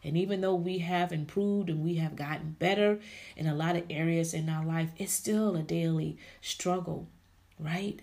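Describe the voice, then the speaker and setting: Speaking on the low side at a moderate pace, a woman keeps her intonation fairly even, and her tone is darkish. On the podcast she hosts, she preaches an emphatic faith-based motivational message, addressing listeners as ladies and honey.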